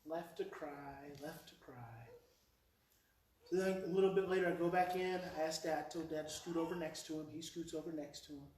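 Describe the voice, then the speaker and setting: A man giving a live talk on parenting, telling a story with lively mimicry and repeating key phrases for effect. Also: on the high side, quick pace, hardly any pauses, slight background noise. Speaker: parenting speaker. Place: hall with a live audience. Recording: echoey hall, speaker heard from far off.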